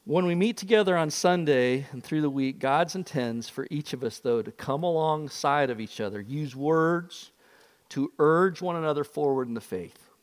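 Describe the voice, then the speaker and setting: Male pastor, high-pitched, animated sermon delivery, reverberant room. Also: moderate pace. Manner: animated storyteller, acts out voices.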